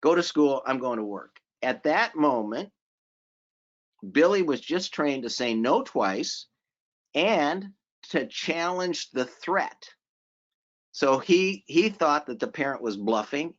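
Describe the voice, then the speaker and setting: A man presenting a seminar in a relaxed, conversational way, repeating phrases for emphasis and asking the audience questions. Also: on the high side, slow pace. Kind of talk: conversational lecture. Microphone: remote conference audio. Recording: slightly dull audio from a virtual conference.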